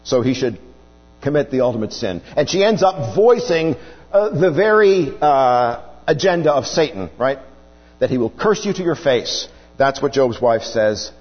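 A man's voice: medium pitch, sing-song, normal speed. A man preaching a sermon, earnestly explaining scripture and posing rhetorical questions. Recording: dull lo-fi recording with long hall reverb.

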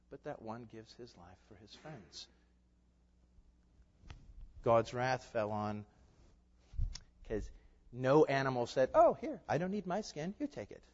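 Emphatic preacher man in an echoey hall. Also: mid-range voice. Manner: emphatic, rhetorical questions, swings from loud to hushed. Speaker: pastor. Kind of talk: sermon. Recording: echoey hall, dull lo-fi sound.

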